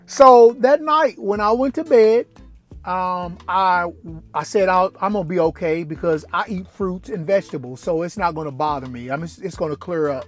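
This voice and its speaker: A man in a casual vlog, telling a story from his own life with a lively, animated delivery. He acts out the dialogue and jumps to a much higher pitch when incredulous. Faint music plays underneath. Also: normal speed. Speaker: vlogger.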